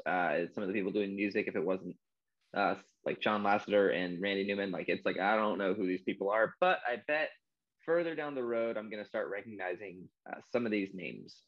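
A man's voice: on the low side, dull audio. A man co-hosting a podcast, casually reading out movie facts with a few fillers. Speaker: podcast co-host.

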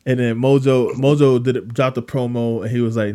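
A man's voice: fairly quick, hardly any pauses. Young guy on a wrestling podcast, casual, swears a lot, voice jumps way up when he's weirded out. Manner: animated storyteller, swears freely, rises high when incredulous. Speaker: podcast co-host.

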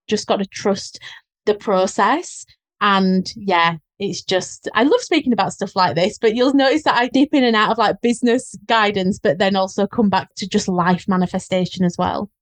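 A woman's voice: medium pitch, no echo. A woman with a Northern English accent, a guest business coach talking in an earnest, flowing, reflective way in a casual podcast chat.

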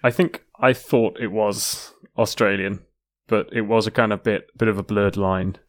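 Male podcast co-host, lowish voice, dry close mic, laid-back and halting. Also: steady tone, no echo. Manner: laid-back, halting, short agreeing replies. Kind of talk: casual chat.

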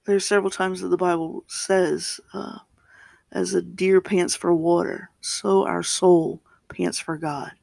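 A man leading a service as pastor, reading a psalm slowly and deliberately and then reflecting on it in a sermon. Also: high voice, level tone, creaky, a little mellow, no room sound. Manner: slow, deliberate reading with pauses and restarts.

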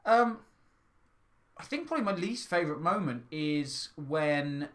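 Guy, bright tone, chatty and excitable, keeps restarting. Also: fairly high pitch, measured pace. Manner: enthusiastic, rambling with restarts. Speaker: podcast co-host. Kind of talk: casual chat.

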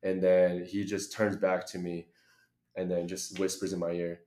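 A young man with a fairly low voice tells a story in casual chat, slipping into little voices for the people in it. The sound carries a noticeable echo from the room he's in. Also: normal speed. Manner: animated storyteller, acts out voices, laughs often. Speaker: podcast co-host telling a story. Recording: echoey room.

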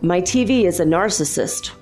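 A woman telling a comic story in a deadpan, rambling way, breaking into laughs. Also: lowish voice, moderate pace, faint music behind. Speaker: comedic storyteller. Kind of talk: comic monologue.

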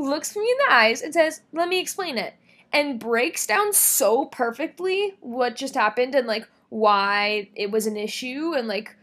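A high-pitched young woman in her twenties chats casually as a podcast co-host. She tells stories with animated energy, acting out what people said and laughing often. Her talk is loose and sprinkled with swearing. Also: unhurried. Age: 20s. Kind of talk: casual chat.

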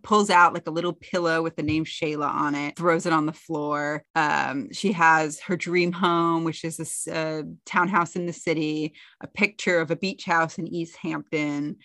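A woman's voice: steady tone, moderate pace, few pauses, fairly bright tone, no echo, clean studio sound. A woman co-hosting a podcast, casually retelling a TV episode and acting out the characters' lines in a raised voice. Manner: chatty retelling, acting out quotes in a higher voice. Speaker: podcast co-host. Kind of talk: casual recap chat.

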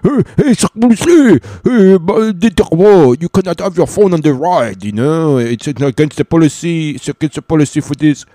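A man's voice: fairly high pitch, animated, moderate pace, hardly any pauses, dark tone, no room sound, pitched above the performer's own voice, lightly acted. A man voicing a self-important male ride attendant with a French accent, insistent and repeating himself. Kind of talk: comic storytelling.

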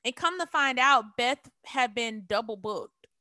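A woman casually recapping a TV episode, animated and acting out the characters' lines as she tells it. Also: a little high, unhurried, no echo. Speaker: TV recap podcast co-host.

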